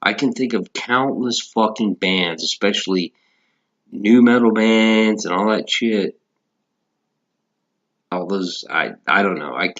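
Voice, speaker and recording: A man's voice: low voice, fairly bright tone, lo-fi sound. A man in a casual, profane, rambling rant about music, talking as a podcast host.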